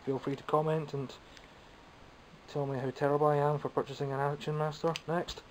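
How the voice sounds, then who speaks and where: A man's voice: on the high side, little pitch movement, brisk, a little hiss or hum, poor audio. A man with a Scottish accent, chatting casually and self-mockingly while showing off toys he bought. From Scotland. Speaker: toy collector vlogger. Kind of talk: casual show-and-tell vlog.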